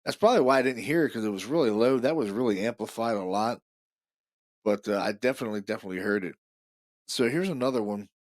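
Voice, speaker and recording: A man's voice: fairly low pitch, fast, no room sound, studio quality. A man hosting a podcast, talking casually and eagerly about recorded evidence, repeating himself often. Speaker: podcast host.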